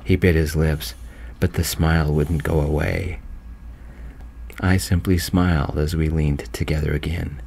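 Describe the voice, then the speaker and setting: A man narrating his own romance story in a gentle, slow, soft-spoken voice. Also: very deep voice, level tone, gravelly, breathy edge.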